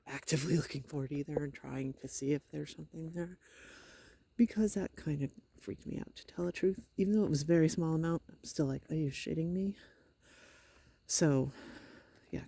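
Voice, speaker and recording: A middle-aged woman with a hoarse, sore throat, talking in a hesitant, rambling video diary with wry, matter-of-fact asides. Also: deep voice, warm tone. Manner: hesitant, rambling, many fillers. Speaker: vlogger. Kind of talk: casual personal video diary.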